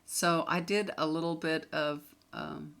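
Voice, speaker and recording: A woman's voice: deep voice, steady tone, a little slow, vocal fry, fairly bright tone. A woman tarot reader talking casually to a camera, chatty and emphatic, repeating points for stress.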